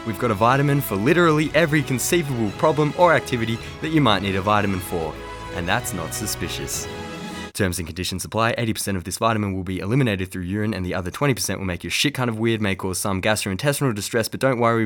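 A man's voice: on the low side, quick pace, fairly bright tone, faint music behind. A man impersonating a cheesy male celebrity athlete selling products in a comedic ad parody. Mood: salesy. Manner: salesy, goofy, laughs at himself.

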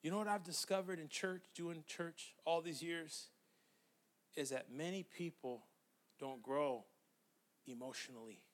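A middle-aged male pastor preaching with energy, calling for amens and rising to shouts. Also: a little high, unhurried, long pauses. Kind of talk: sermon.

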